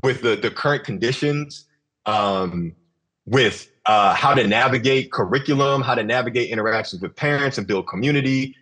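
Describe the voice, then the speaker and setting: A man talks through ideas on a casual podcast, reflective and unhurried in his thinking, often circling back and restarting his phrases. His voice has a husky edge and sits at an ordinary pitch. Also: fairly bright tone. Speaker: podcast host.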